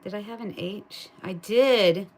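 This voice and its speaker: Slow, chatty woman thinking aloud. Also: mid-range voice, a little hiss or hum. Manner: gets excited and loud at wins; coos to her pet. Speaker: live streamer scratching lottery tickets. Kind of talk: casual live-stream chat.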